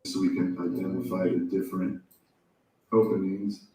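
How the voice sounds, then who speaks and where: Deep, flat man in an echoey room. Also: normal speed. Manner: hesitant explaining. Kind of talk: casual chat. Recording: echoey, far from mic.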